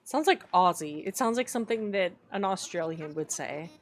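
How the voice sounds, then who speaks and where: A woman streaming and chatting casually with her viewers, playful and laughing often, her voice a little rough. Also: on the low side, expressive, moderate pace. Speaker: streamer reading chat. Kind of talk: casual live-stream chat.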